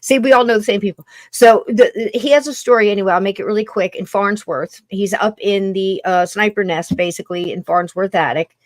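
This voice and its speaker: A woman's voice: medium pitch, a little fast, hardly any pauses, no room sound. A woman hosting a podcast in casual conversation, chatty and rambling, often tripping over her words. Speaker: podcast host.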